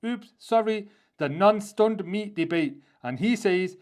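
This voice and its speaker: A man's voice: high voice, lively intonation, takes it slowly, darkish tone. A man with a British accent giving opinion commentary in a vlog, arguing his case with rhetorical questions. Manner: argumentative, poses rhetorical questions. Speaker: online commentator.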